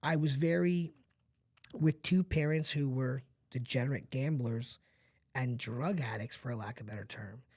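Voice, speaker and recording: A middle-aged man speaking as a podcast guest, his voice pitched in an ordinary middle range. He tells a hard personal story candidly and earnestly, with many asides to the listener. The emotion comes close to the surface at times. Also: normal speed, a little mellow. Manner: earnest and confiding, talks straight to the listener with frequent asides.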